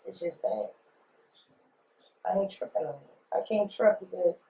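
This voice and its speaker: A woman's voice: on the low side, very animated, a little slow, dark tone. A woman, telling her story in an interview in a blunt, emphatic way, repeating phrases and using slang. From New Orleans, USA. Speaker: rapper being interviewed. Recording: roomy echo.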